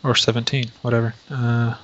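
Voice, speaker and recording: Guy co-hosting a podcast, pretty monotone, kinda muffled low-fi audio. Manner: reads search results aloud, halting. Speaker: podcast co-host. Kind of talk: casual chat. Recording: dull lo-fi sound.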